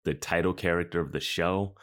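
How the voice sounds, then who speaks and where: Man, very deep voice, podcast co-host, casual chat, wry, sarcastic. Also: a little fast.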